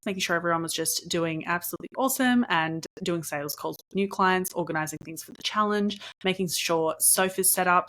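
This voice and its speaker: A young adult woman hosting her own podcast, telling a story in a chatty, animated way, laughing often and dropping in lots of ums. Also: fairly low pitch. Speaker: podcast host. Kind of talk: casual storytelling monologue.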